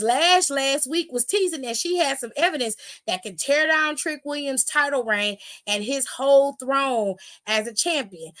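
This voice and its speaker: A woman host giving a sassy, animated wrestling recap full of slang and swearing. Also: high-pitched. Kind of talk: casual recap commentary.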